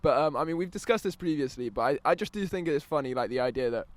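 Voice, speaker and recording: Brief: co-host, 20s, fast sweary banter. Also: male voice, on the high side, animated, dry recording. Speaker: podcast co-host. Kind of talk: casual chat.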